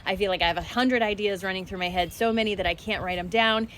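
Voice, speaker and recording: A woman's voice: mid-range voice, fast, a bit bright, a little hiss or hum. A woman talking casually to her viewers in a spiritual energy update, chatty and direct.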